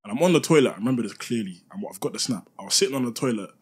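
A young man chats on a podcast in a husky, slightly breathy voice. He is relaxed and full of slang, and he laughs often while telling a story. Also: mid-range voice, racing. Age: young adult. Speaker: podcast co-host. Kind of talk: casual chat, storytelling.

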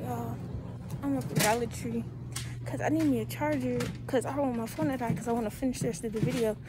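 A woman's voice: a little high, steady tone, fast talker, noisy background. A young woman vlogging casually on her phone, chatting to viewers in a slangy, talkative way as she runs errands. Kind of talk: casual vlog talk to camera. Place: in and around a parked car and stores. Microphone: phone held in hand.

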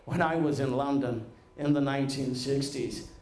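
A man's voice: mid-range voice, normal speed, a little mellow, reverberant, voice pushed down, natural voice. A comedian voicing a cheeky, crude old grandfather telling an anecdote.

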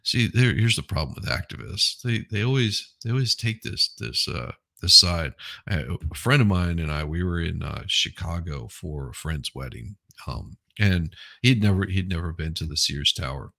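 Gravelly blunt-talking man on a livestream. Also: low voice, animated, moderate pace, pushed and bright, dry recording. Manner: rambling, blunt, swears, lots of restarts. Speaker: livestream host reading chat. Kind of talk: casual live chat commentary.

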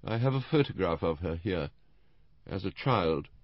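A man reading an audiobook, voicing a calm, defiant, unemotional older blind woman who runs a spy ring. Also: low-pitched, moderate pace, no room sound, highs cut off. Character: cold, composed blind older woman spymaster. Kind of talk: audiobook character voice.

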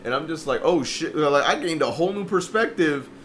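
A man's voice: on the high side, lively intonation, brisk, a bit bright, slight background noise. A man co-hosting a podcast, telling a story in casual, profane chat and acting out the quoted voices. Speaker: podcast co-host.

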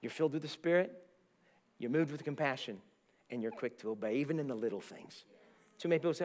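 A middle-aged male pastor from the United States telling stories in a sermon, animated, often repeating words and acting out the voices he quotes. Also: mid-range voice, quick pace, long pauses. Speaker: guest pastor. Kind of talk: sermon with storytelling. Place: church sanctuary.

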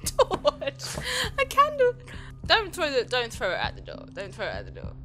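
A woman's voice: high-pitched, wildly swooping pitch, pushed and bright, soft background music. A woman co-hosting a game review, teasing her partner in casual let's-play banter. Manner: teasing, quick to laugh.

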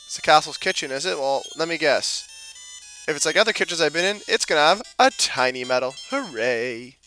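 A man's voice: on the high side, bright, forceful tone, rough recording. A man doing casual gameplay commentary, cracking jokes, swearing and talking back to the game characters. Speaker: let's play commentator.

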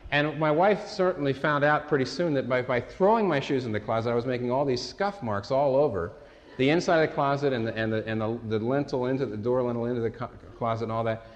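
A man preaching a sermon in a conversational, storytelling way, often restarting his sentences. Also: mid-range voice. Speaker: pastor. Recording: echoey hall recording.

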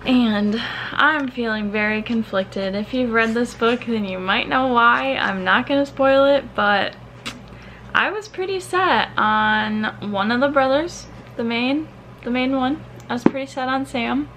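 A woman's voice: a little high, unhurried, a bit bright, a little hiss or hum, low-quality recording. A young woman vlogger from the American Midwest, talking casually and emotionally about a book she loved, teary-voiced, with frequent sighs and trailing-off restarts. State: teary, crying.

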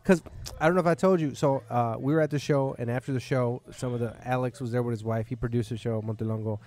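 A comedian hosting a podcast, spinning a long, rambling story in a bar. He talks fast and swears freely. His voice sits at an ordinary pitch. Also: fairly even intonation, darkish tone. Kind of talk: casual chat.

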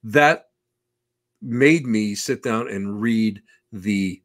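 A man hosting an interview, enthusiastic and rambling, his voice swinging from soft to loud as he builds up to his questions. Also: lowish voice, drawn-out words. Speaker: podcast host. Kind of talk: casual interview.

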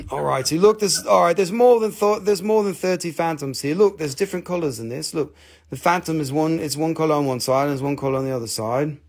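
On a live stream selling crystals, a man with a fairly high voice talks fast. He rambles and jokes in a casual sales patter, mixing crude humor with playful put-on voices.

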